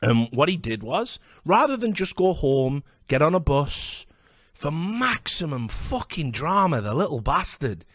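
A man's voice: fairly high pitch, big pitch swings, measured pace, a bit bright, no room sound, studio quality. A young Welsh man casually telling a story on a podcast, swearing freely, laughing and acting out the voices of the people in it. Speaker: podcast host.

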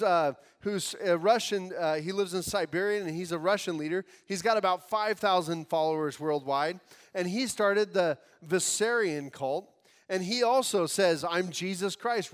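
A man with a notably high voice preaches to his congregation in a church sanctuary. He talks earnestly and conversationally, breaking off into asides and restarting sentences. His words ring out in a hall with a long reverb. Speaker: pastor. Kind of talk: sermon.

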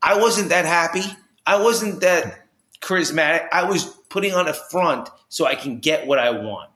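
High-energy storytelling man, bright roomy sound. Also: normal speed. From New Jersey. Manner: high-energy storyteller, acts out quoted voices. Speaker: podcast guest. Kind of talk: personal storytelling in a podcast interview.

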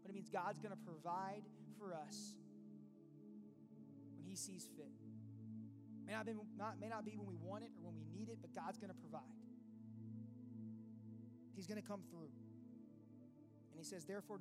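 A pastor preaching a sermon in an earnest, conversational way, full of rhetorical questions. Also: male voice, high-pitched, moderate pace, long pauses. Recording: long reverb with faint music behind.

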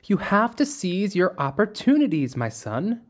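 A possessive ghostly mother from a spoken story, put on by the narrator. She sounds higher and thinner than the storyteller's own voice, sweetly insistent and smothering. Her sweetness edges toward menace. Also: big pitch swings, a little slow. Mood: doting, insistent.

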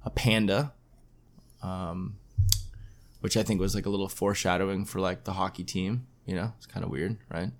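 Young male podcast host, slightly low voice, laid-back, self-deprecating humor. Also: steady tone, normal speed. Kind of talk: casual family chat podcast.

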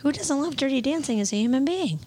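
A woman's voice: high voice, expressive, fast, mellow. A woman co-hosting a casual comedy podcast, playful and mock-indignant as she riffs and teases. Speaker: podcast co-host.

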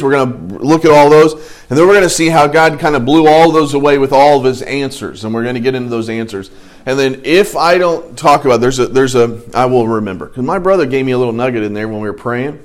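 A man leads an adult Bible class in a loose, conversational way. He thinks aloud, restarts his sentences and drops in asides, and he slows down when he reads scripture aloud. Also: mid-range voice. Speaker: Bible study teacher.

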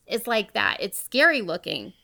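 A woman's voice: medium pitch, very animated, moderate pace, creaky, bright, forceful tone. A woman hosting a casual podcast, retelling a true crime story in a chatty way and laughing often. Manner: chatty, laughs often, quotes people as she tells.

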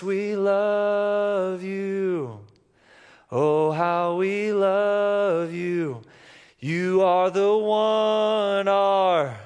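A man preaching a sermon, telling a personal story earnestly with halting restarts. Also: high voice. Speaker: pastor. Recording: reverberant church hall.

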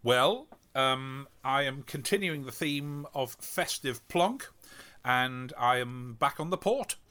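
Bright-voiced podcast host. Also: male voice, mid-range voice, animated. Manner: quick dry quips. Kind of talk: casual chat.

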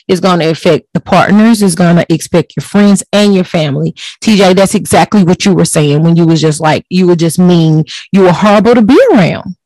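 A woman's voice: lowish voice, darkish tone, dry recording, poor audio. A woman talks in a casual podcast. She sounds earnest and emphatic and leans on repeated words to drive her points home. Her voice is recorded dry and close to the mic. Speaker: host.

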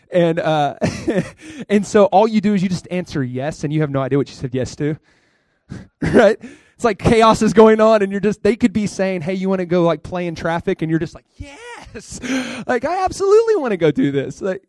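A male pastor preaching a lively sermon in a conversational way, laughing often and asking the listeners questions. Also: high-pitched, dry recording, studio quality. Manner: conversational, asks the crowd questions.

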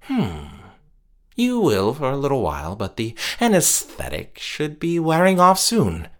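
A man voicing a soft-spoken, slightly nasal bearded captor in a horror audiobook, gentle and creepily genial. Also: medium pitch, wildly swooping pitch, unhurried, pitched above the performer's own voice. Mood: soothing.

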